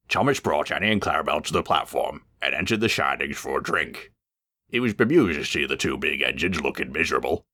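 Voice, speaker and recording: Deep, lively storybook narrator man. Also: brisk. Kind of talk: storybook reading.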